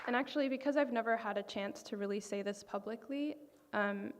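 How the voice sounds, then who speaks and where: A woman's voice: a little high, brisk, a little hiss or hum. Woman speaking in a reverberant banquet hall. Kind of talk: public speech.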